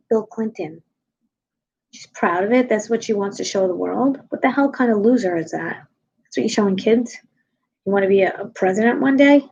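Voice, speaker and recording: Blunt, sarcastic woman with a husky voice. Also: darkish tone, muffled recording. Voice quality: low, husky. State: tired. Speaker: comedian live-streaming. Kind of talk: casual rant to viewers.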